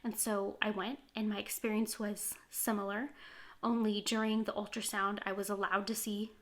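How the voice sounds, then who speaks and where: A woman's voice: mid-range voice, flat delivery, normal speed. A woman sharing a personal story to camera in a candid, heartfelt way. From California, USA. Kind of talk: earnest first-person testimony to camera.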